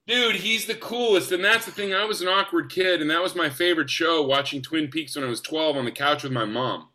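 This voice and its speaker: Young guy excitedly telling showbiz stories, bright voice, sits kinda high. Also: a little fast. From United States. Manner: enthusiastic, animated. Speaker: actor guest. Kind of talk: casual storytelling.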